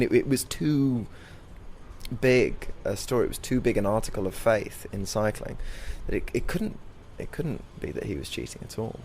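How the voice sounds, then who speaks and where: A young man, a comedy performer, giving thoughtful, earnest interview answers and growing animated as he recounts. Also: lowish voice, vocal fry, slight background noise.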